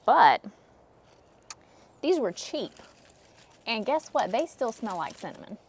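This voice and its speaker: A craft vlogger at home talks casually through arranging flowers, joking and poking fun at herself. Her fairly high voice moves slowly with big swings in pitch, and there's a faint hiss or hum in the recording.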